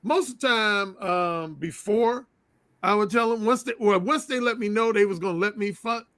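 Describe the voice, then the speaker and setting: Blunt guy telling stories frankly, highish voice, dry close sound. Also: normal speed, fairly bright tone, no echo. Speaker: interview guest. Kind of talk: casual interview storytelling.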